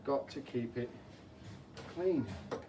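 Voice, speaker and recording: A man's voice: medium pitch, takes it slowly. A man working as an aquarium technician, playfully explaining to children while he cleans a school tank, asking them questions along the way. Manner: playful, chatty, asks the kids rhetorical questions. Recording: slightly distant mic with faint hum.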